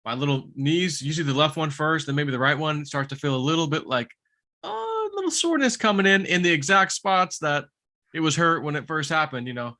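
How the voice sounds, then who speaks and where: A man's voice: on the high side, very animated, a little fast, sharp tone. A middle-aged man in casual chat, hosting and telling stories, often acting out what he said before. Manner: chatty storyteller, acts out his own past words. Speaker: host.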